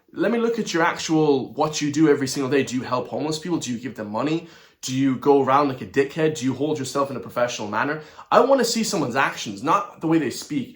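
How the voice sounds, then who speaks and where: A man's voice: fairly high pitch, a bit bright. An Irish man hosting a commentary channel, ranting to his viewers in a heated, blunt and profane way. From Ireland.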